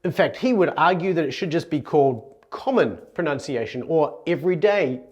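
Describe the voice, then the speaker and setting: A New Zealand man with a New Zealand accent explains Greek pronunciation in a conversational video lesson as a Greek teacher. His fairly high, slightly mellow voice is animated and a little fast, recorded with a lo-fi sound. He's earnest, often restarting and correcting himself.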